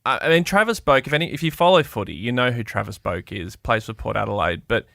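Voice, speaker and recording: Man, podcast co-host, gravelly, bright, joking. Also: mid-range voice, animated, no room sound, studio quality. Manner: teasing, quick jokes. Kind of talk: casual podcast chat.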